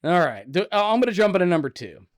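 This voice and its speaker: A man around forty from Ohio, co-hosting a podcast and telling loud, animated stories in casual chat. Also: sits high, quick pace. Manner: loud, animated storyteller, acts out scenes. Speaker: podcast co-host.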